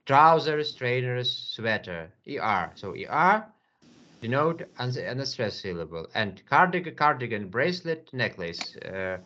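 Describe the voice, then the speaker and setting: A man teaching English one to one, patient, repeating words slowly with many fillers. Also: medium pitch, bright, forceful tone, muffled recording. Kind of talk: online English lesson.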